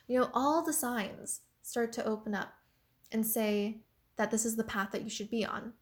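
A woman's voice: a little high, fairly even intonation, normal speed. A young woman giving a casual motivational talk about mindset and a creative career, talking in a chatty way full of "like" and "you know".

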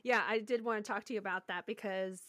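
A woman's voice: mid-range voice, fairly even intonation, quick pace, fairly bright tone, no echo. A woman in her thirties hosts a podcast, chatting loosely and laughing often as she talks. Her voice is dry and close, with no room sound around it. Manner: chatty, laughs often, lots of "like" and "you know". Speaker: podcast host. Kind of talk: casual podcast chat.

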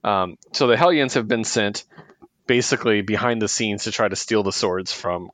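A man with a lowish, fairly bright voice speaks at a moderate pace as a podcast co-host. He casually recaps comic books, laughing often and acting out the characters' lines.

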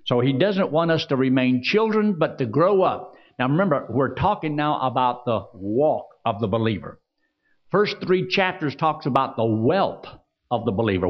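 A man preaches a sermon, his pitch rising and falling in wide arcs. He puts questions to his listeners and reads verses slowly. The recording sounds dull and lo-fi. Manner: preaching with rhetorical questions and scripture readings. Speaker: pastor.

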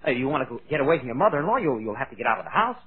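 Fast-talking, bouncy ghost fellow on a tinny old radio show. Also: male voice, medium pitch, sing-song, husky. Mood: coaxing. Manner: coaxing, eager, stammering. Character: cheerful scheming male ghost. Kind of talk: 1940s radio comedy acting.

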